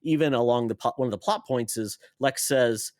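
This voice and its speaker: A man's voice: medium pitch, normal speed, a little mellow, no room sound. Explaining man on a dry close mic. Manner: explanatory, walks through plot points. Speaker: podcast co-host. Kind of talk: casual chat.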